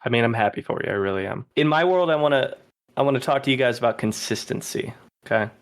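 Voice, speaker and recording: A man's voice: mid-range voice, fast talker. Joking male podcast host. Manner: joking, playfully teasing. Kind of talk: casual chat.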